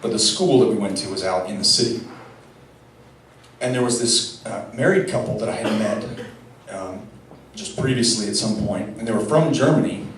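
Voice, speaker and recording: A young male preacher tells a story in a relaxed, joking way, often stopping to restart a thought. His low voice carries through a very reverberant church from a distant mic, with a faint room hum beneath. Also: moderate pace. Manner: casual, wry asides, frequent "I mean" and restarts. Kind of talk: conversational homily with personal story. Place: large echoey church. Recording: echoey church from far off.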